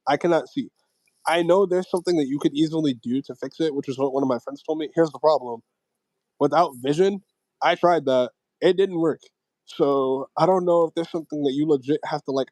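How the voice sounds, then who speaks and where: A man's voice: on the high side, a little mellow, no echo, low-quality recording. A young man hosting a casual livestream, rambling with lots of fillers and slang. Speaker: livestream host. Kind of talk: casual chat.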